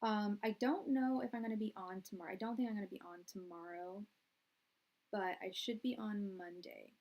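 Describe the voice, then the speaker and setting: A woman hosting a tarot live stream from a room at her parents' house, chatting in a soft, soothing voice with many fillers and restarts. Her audio comes through quiet and low. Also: steady tone, normal speed, poor audio. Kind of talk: casual live-stream chat. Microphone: quiet, low-level live-stream audio.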